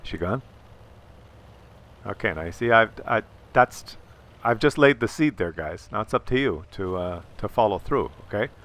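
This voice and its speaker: On his own channel, a middle-aged host swears freely while offering viewers sly, stammering advice in a conspiratorial, casual way. His voice is on the low side and animated, at normal speed with a slightly bright quality.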